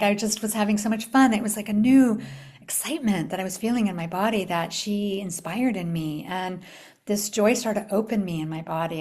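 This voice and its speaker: Speaking to a group in a live online talk, a middle-aged woman from the US leads a spiritual retreat session in a medium-pitched voice. Her storytelling alternates cheerful invitations with quiet, hushed passages.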